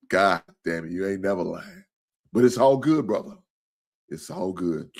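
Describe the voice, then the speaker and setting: A tired man with a drawl rambles through a casual sports talk stream. His pitch swings widely as he cusses and jokes with his chat. He sounds loose and unscripted. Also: animated, moderate pace. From Kentucky. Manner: rambling, profane, laughing and joking with chat.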